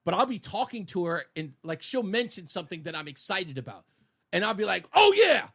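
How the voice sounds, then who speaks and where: A radio talk show host, a man who talks loud and booming as if addressing a crowd. His pitch swings widely and sits a little high for a man. He chats casually in a studio. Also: brisk. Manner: loud, booming, animated delivery. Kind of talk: casual on-air banter.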